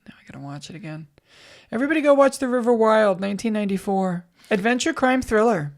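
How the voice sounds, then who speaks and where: A woman co-hosting a podcast in casual chat, animated and joking, talking into a podcast microphone. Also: a little high, quick pace. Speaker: podcast co-host.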